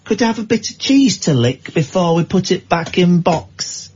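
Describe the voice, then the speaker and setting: A man's voice: high voice, lively intonation, normal speed, a little mellow, highs cut off, a little hiss or hum. A man putting on the voice of a poor nine-year-old mill child, begging his mam over and over. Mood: whiny pleading. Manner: whiny, repetitive begging.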